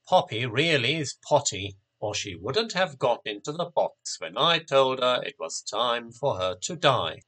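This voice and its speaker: Storybook magician, smarmy and cross, bright lively voice, put on by a male narrator. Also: medium pitch, measured pace, few pauses, exaggerated voice. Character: scheming young male stage magician.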